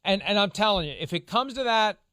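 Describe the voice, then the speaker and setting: A man hosting a sports talk show, explaining legal angles in a measured, lawyerly way. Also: sits high, lively intonation, bright, forceful tone, smooth, no room sound, studio quality. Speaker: show host, legal analyst.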